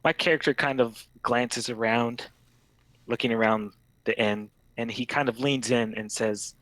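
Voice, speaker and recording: A man's voice: mid-range voice, fairly even intonation, measured pace, a bit bright, no room sound, rough recording. A man playing a tabletop role-play game, describing his character's actions hesitantly with many fillers. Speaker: player. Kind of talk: narrating a tabletop audition game.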